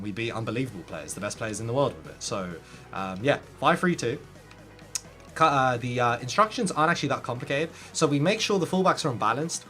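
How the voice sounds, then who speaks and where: A man talking casually to his viewers, giving gaming tips in an animated, direct way, often turning to speak straight at the audience. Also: medium pitch. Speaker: gaming content creator. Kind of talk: casual tips talk to camera.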